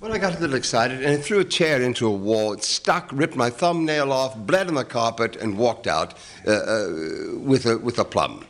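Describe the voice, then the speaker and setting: Jokey guest actor, man, lively swooping pitch, rambling comic delivery. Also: normal speed. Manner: jokey, rambling, theatrical, breaks into rap. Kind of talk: playful comic interview banter.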